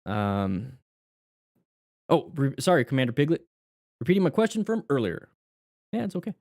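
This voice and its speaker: An American man with a medium-pitched, mellow voice, whose pitch swings widely, speaks at a normal speed. He hosts a live motorcycle class, reading viewer questions aloud and answering them casually while thinking out loud and correcting himself. The recording is dry and studio-clean.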